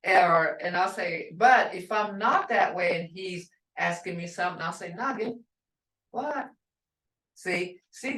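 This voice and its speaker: A woman's voice: mid-range voice, a bit bright. A woman teaching a language class, patiently repeating words to show how tone changes meaning. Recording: echoey room, voice from far off.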